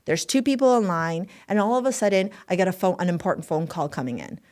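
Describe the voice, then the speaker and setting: A woman, a manifestation coach, telling a story in a casual podcast chat, animated and swearing freely. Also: on the low side, fast talker.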